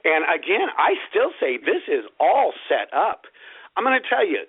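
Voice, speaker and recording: A man's voice: high-pitched, huge pitch swings, normal speed, husky. A man on talk radio giving firm opinions, often stammering on his first words. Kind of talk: casual political talk radio. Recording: narrow phone-like radio sound.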